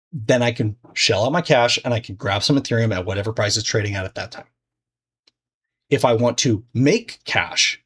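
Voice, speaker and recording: A man talks through a trading lesson in a relaxed, chatty way. He restarts sentences and drops in fillers as he goes. His voice sits at an ordinary mid pitch. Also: slightly rough. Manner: loose and conversational, many fillers and restarts. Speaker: trading teacher. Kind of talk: casual explanatory lesson.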